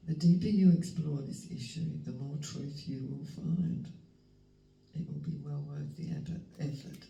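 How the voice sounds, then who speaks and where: A woman, giving a spiritual tarot reading in a slow, emotional, halting way that sometimes drops to a whisper. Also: low-pitched, warm tone. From Western Australia. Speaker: tarot reader. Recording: roomy, distant mic, faint background noise.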